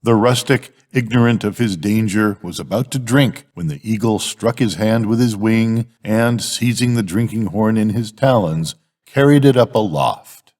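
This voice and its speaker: An older man, a grandfather, reading fables as a bedtime story in a measured, expressive way. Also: fairly low pitch, big-room sound.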